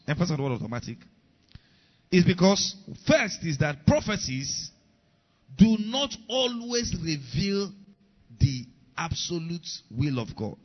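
A man's voice: high-pitched, sing-song, a little slow, muffled recording. A middle-aged male pastor preaching a sermon, emphatic, repeating key lines and asking the congregation if they follow.

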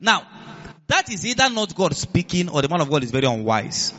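Preacher guy going up and down a lot, bright edge, kinda dull lo-fi audio. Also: a little high, a little fast, a little hiss or hum. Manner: animated preaching, laughs, asks the congregation questions. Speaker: pastor. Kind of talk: sermon.

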